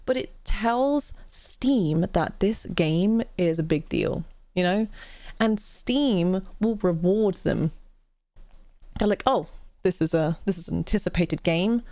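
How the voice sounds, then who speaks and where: A woman's voice: lowish voice, slow, warm tone, dry recording. A British woman from the UK chatting casually on a live stream, telling rambling stories full of restarts and laughs. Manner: rambling, self-interrupting storyteller who laughs often.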